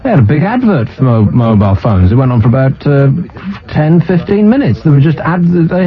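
Sardonic radio host, lively pitch. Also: male voice, fairly quick. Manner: sardonic, ranting, mocking. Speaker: radio talk show host. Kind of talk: casual on-air banter. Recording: muffled radio broadcast.

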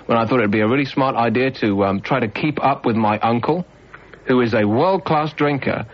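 A man's voice: mid-range voice, a little fast. A man hosting a late-night radio phone-in, joking and teasing his callers in casual banter over a studio microphone. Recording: slightly dull radio broadcast sound.

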